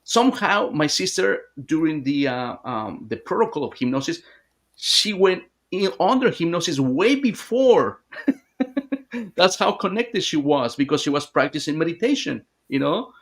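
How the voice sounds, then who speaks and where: A man guesting on an interview, telling a long story in a halting, rambling way with many restarts. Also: fairly high pitch, big pitch swings. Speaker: hypnotherapist guest.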